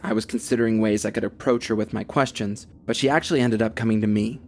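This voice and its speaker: Gravelly young man narrating horror. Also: lowish voice, fast, a little hiss or hum. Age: young adult. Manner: steady, tense first-person telling.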